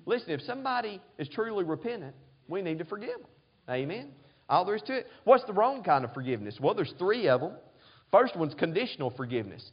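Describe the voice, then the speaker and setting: A man's voice: high-pitched, very animated, brisk, lo-fi sound. A man preaching a sermon as pastor, often asking the congregation "amen?". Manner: preaching, frequent call-and-response "amen?".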